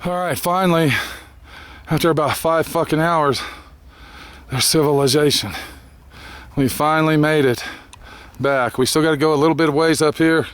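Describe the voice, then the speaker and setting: A man's voice: fairly high pitch, moderate pace, clear, resonant tone. A man vlogging a long hike outdoors, tired, grumbling, cursing constantly and sighing heavily, recorded on a handheld camera. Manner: profane, grumbling, frequent heavy sighs. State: tired and weary. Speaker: hiker filming his trek. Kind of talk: casual vlog narration. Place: outdoors on a canyon trail.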